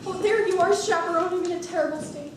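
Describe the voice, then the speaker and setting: A woman's voice: very high voice, quick pace, background noise. A woman playing a glamorous, dramatic young showgirl bride in a stage musical. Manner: theatrical and gushing. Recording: echoey stage from far off.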